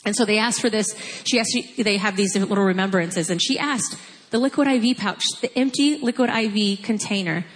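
A woman's voice: medium pitch, big-room sound. Earnest woman in her forties. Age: 40s. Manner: earnest, halting, emotional storytelling. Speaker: mission trip speaker. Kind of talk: personal testimony.

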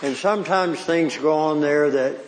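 An older man telling a mission story slowly with wry, self-deprecating humor. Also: a little high, over a noisy crowd, heavy background noise. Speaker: mission trip speaker. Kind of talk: personal storytelling. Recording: echoey hall.

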